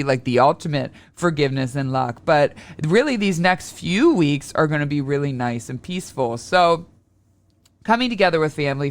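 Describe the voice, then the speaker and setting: A man with a clear, smooth, slightly higher voice hosts his own podcast. He talks loosely and rambles a bit, often jumping into small acted-out scenes with quoted voices. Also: a bit bright. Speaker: astrology podcast host. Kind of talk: casual solo podcast talk.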